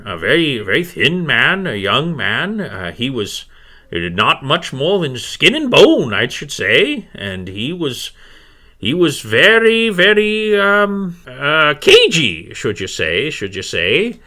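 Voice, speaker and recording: A man's voice: fairly high pitch, wildly swooping pitch, slow, bright, forceful tone, pitched above the performer's own voice, heavily acted. A man putting on a cackling grumpy old village healer woman. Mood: gossipy. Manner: cackling, fussy, repeats herself.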